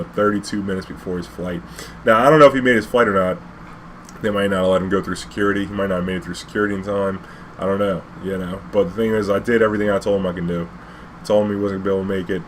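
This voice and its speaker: A man tells a loose, rambling story about his cab days, packed with "you know" and casual swearing. His voice sits fairly low. A faint air conditioning hum runs underneath. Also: steady tone, fast, a bit bright. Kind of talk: casual spoken anecdote.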